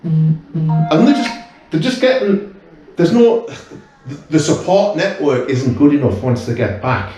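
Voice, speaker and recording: A man's voice: on the high side, sing-song, measured pace, long pauses, warm tone, soft background music. A British man in his fifties, a guest in casual chat, talking earnestly and rambling with many restarts. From United Kingdom. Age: 50s. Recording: very echoey room, away from mic.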